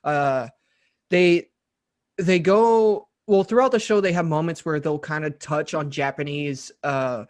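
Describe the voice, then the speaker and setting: A man's voice: on the high side, measured pace. A young man co-hosting a podcast in casual chat, often stammering, repeating his words and laughing easily. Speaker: podcast co-host.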